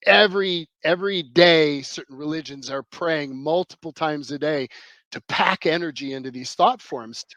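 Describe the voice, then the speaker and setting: On a low-quality recording with no room sound, a man with a medium-pitched, somewhat bright voice talks through his ideas as a podcast guest. His explanation is emphatic and meandering, with frequent restarts.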